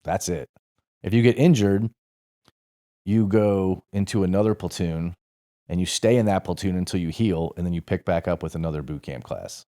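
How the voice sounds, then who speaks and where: He has a deep, mellow voice and talks at an ordinary pace. In his forties and hailing from St. Louis, this podcast guest and former Marine casually rambles through a profane story, amending his words as he proceeds.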